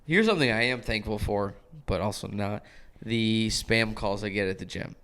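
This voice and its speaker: A man's voice: lowish voice, normal speed, a bit bright. Laughing young man telling stories. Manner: laughing anecdotal storyteller, casual swearing. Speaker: podcast co-host. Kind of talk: casual comedy podcast chat.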